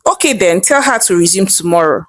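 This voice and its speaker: A woman's voice: mid-range voice, animated, fairly quick, dry recording, natural voice. A woman with a Nigerian accent voicing a composed, wealthy wife who speaks in a cool, commanding way.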